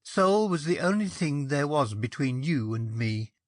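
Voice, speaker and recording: A man reading a story aloud, voicing a bold young woman in a brisk, lightly mocking way. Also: fairly high pitch, expressive, no room sound, clean studio sound. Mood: bemused.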